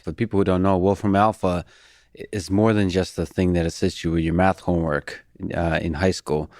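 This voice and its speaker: A man hosting a podcast, asking measured, halting questions. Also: deep voice, level tone, darkish tone, no echo, clean studio sound. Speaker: podcast host. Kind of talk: podcast interview.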